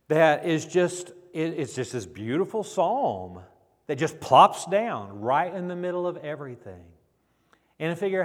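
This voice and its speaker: A man preaching a sermon in an earnest, unhurried way. His voice sinks low and soft when he reads scripture. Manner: slow, earnest, drops low and quiet when reading scripture. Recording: long reverb of a large hall.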